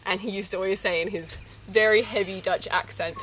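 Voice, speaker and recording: A woman's voice: mid-range voice, fairly even intonation, brisk, background noise. A young woman giving a chatty, enthusiastic vlog tour of her orchard outdoors. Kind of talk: casual vlog narration. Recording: background music under the voice.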